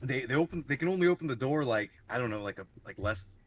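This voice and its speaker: This man, co-hosting a podcast, tells a rambling story packed with fillers and easygoing profanity. He's a fast, animated talker with a medium-pitched voice, and there's slight background noise.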